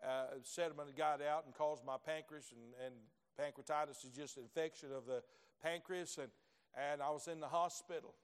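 A middle-aged man, preaching a sermon in folksy storytelling fashion, dropping to low asides and then climbing to loud shouted peaks. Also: fairly even intonation, normal speed, smooth. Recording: long hall reverb.

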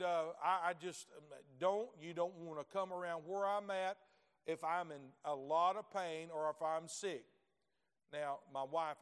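Man, middle-aged preacher, folksy sermon, swings from hushed to shouting, long reverb. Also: smooth. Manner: swells from low asides to loud shouted peaks, folksy storytelling.

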